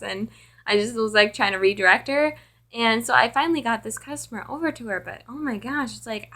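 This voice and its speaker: A young woman talking in a casual vlog, chatty and tired. Her voice sits a bit high. Her talk is full of filler words as she rambles along. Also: a little fast, fairly bright tone. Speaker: call center worker.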